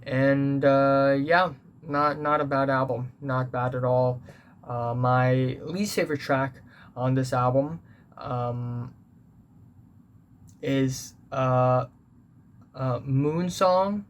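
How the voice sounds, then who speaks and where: A man's voice: mid-range voice, fairly even intonation, slow, long pauses, lo-fi sound, a little hiss or hum. Earnest man giving a hesitant review. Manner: hesitant, many fillers and restarts, earnest. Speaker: music reviewer. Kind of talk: casual spoken album review.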